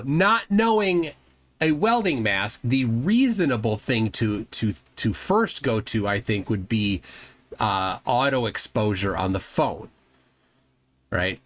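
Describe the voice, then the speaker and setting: Sarcastic laughing man, lively pitch. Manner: sarcastic, laughs often and loudly. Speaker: host reacting to videos. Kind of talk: casual reaction commentary. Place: home room with a fan running.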